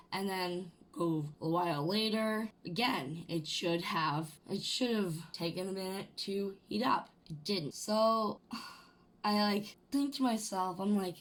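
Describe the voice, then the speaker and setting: Young woman, vlogger, unhurried rant, swearing, stop-start sentences, sudden loud outbursts. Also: medium pitch. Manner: ranting, swearing, restarting sentences, rising to sudden loud bursts. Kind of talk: casual rant to camera.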